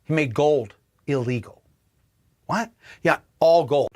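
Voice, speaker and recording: A man hosting a political livestream, ranting with profanity and swinging between shouting and low muttering. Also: takes it slowly. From Indiana, US. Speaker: political commentary host.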